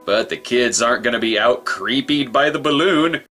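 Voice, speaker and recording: A man's voice: mid-range voice, normal speed, over loud music. A man reviewing a bad film in a comedic voice-over, sarcastic and profane.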